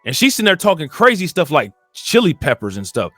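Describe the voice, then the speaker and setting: A man from Cleveland rambles through a casual commentary. His voice sits fairly high and sounds dry and close, with faint music underneath. He leans on filler phrases and climbs in pitch when he gets indignant. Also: wildly swooping pitch, a little fast, a bit bright, dry recording. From Cleveland, Ohio. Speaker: commentary channel host.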